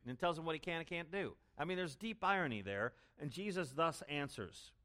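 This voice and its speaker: A man preaching an expository sermon as pastor, stressing words loudly and then dropping to low asides. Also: sing-song, moderate pace, hardly any pauses. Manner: emphatic, swings between loud stresses and low asides.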